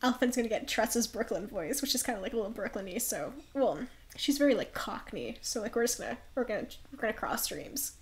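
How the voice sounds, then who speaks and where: A woman's voice: a little high, expressive, brisk, few pauses. A woman streaming a video game, chatting casually with a giggly manner and many fillers. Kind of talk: casual let's-play commentary.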